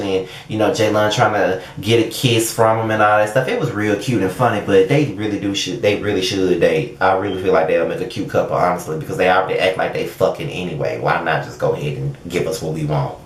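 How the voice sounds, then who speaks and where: A young man giving a blunt, profane, animated casual commentary as a show reviewer. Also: lowish voice, roomy sound.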